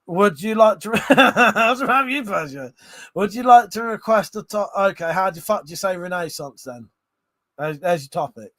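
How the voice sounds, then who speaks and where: A man's voice: sits high, animated, moderate pace, pushed and bright, dry recording. A tipsy man hosting a casual livestream, reading viewer comments aloud, laughing often and swearing freely. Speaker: livestream host.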